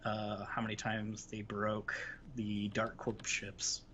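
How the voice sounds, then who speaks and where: A man's voice: fairly low pitch, monotone, takes it slowly, sharp tone. Rambling man hosting a game stream. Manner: rambling, reminiscing, many restarts and fillers. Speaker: livestream host. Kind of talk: casual chat while gaming. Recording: slightly dull stream audio with faint hiss.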